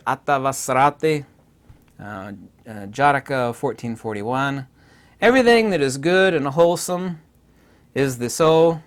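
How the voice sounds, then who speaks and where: A man giving an unscripted philosophy lecture, emphatic and insistent, repeating his points and pausing on frequent hesitations. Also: medium pitch.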